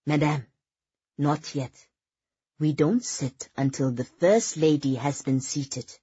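A woman doing a polite Scandinavian-accented gentleman. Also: deep voice, slow, slightly rough, dry recording, muffled recording, exaggerated voice. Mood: correcting. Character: man speaking with a Scandinavian accent, polite and correct.

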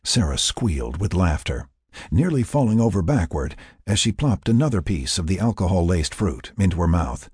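Male audiobook narrator, deep and husky, dry close sound. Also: normal speed, no room sound. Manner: expressive storytelling reader. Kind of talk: scripted narration.

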